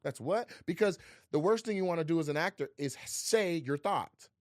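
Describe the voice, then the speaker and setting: Animated, swearing male storyteller. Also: normal speed, no echo, clean studio sound. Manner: animated storyteller, swears freely, acts out quotes with big pitch jumps. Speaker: guest comedian. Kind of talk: casual podcast chat.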